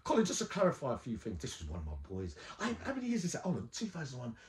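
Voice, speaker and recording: A man's voice: medium pitch, huge pitch swings, very fast, crowd noise. A middle-aged man, hosting a casual interview, eager and interjecting often. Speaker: host.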